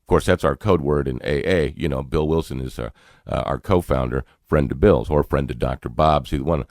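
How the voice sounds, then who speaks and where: A deep-voiced, middle-aged man from North Carolina with a Southern accent tells a personal story on talk radio. He speaks earnestly, stumbles and repeats words, and chuckles now and then. The studio sound is dry and close. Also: a little fast, a little mellow, no echo. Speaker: radio show host.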